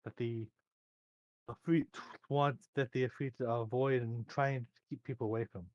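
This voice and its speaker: A man narrating a tabletop game as game master, describing scenes in a halting way with fillers and restarts. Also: mid-range voice, fairly even intonation, no room sound, lo-fi sound.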